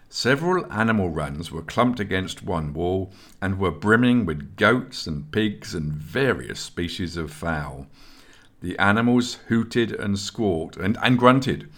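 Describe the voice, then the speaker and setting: Deep-voiced, slow male audiobook narrator. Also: a bit bright.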